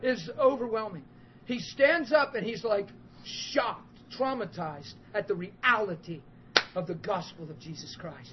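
High-voiced emphatic preacher, muffled recording. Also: male voice, normal speed. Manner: emphatic and animated, building to loud outbursts. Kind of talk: sermon with storytelling. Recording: muffled with faint background hiss.

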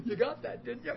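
A man preaching a sermon at a church service, telling a story with emphatic, animated delivery that swells into loud outbursts and breaks into chuckles. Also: extremely high pitch, vocal fry. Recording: muffled with faint background hiss.

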